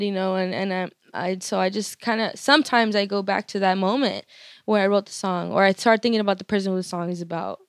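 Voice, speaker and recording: A woman's voice: medium pitch, a bit bright, no room sound, clean studio sound. A young woman, a musician guest, telling stories in a casual, profane way full of filler words. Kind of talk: casual interview storytelling.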